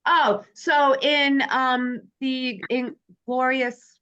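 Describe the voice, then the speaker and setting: A woman's voice: a little high, lively intonation, normal speed, a bit bright. Chatty woman hosting a movie club. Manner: chatty, jokey, reads from prepared notes. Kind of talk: casual chat reading notes. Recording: dull lo-fi sound.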